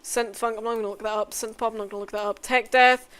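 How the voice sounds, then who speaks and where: A woman making a casual music tier list, swearing often, mumbling asides and bursting into loud excited outbursts. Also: on the high side, fast. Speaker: content creator.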